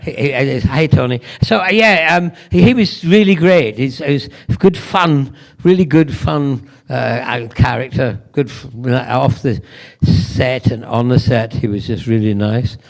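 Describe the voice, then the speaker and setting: A man's voice: medium pitch, measured pace, vocal fry, hardly any pauses. An older man with a Scottish accent, the guest of honour answering fans at a convention Q&A with rambling, playful anecdotes.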